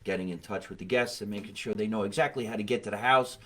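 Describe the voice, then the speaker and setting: A man's voice: on the low side, quick pace, fairly bright tone. A middle-aged man hosting a casual comedy podcast, joking brashly and wrapping up with plugs and catchphrases. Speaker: podcast host.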